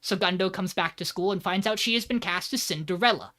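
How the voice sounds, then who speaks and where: A man's voice: high voice, a little fast, sharp tone. A man co-hosting a podcast, giving a loose, joking plot recap and swearing freely. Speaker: podcast co-host.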